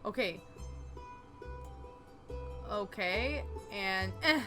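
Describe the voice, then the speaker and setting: A young woman talks through a game she's playing, her voice bright and ringing while her pace stays slow and drawn out. She's chatty and reactive, with yelps and the odd swear. Soft game music plays behind her. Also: medium pitch, lively intonation. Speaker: gaming channel host. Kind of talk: let's play commentary.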